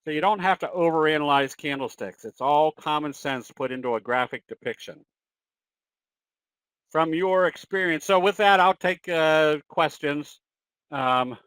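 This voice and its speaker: A man's voice: fairly high pitch, fairly bright tone, dry recording, low-quality recording. A man presenting a trading webinar and answering questions, in a folksy, conversational way with fillers and self-corrections.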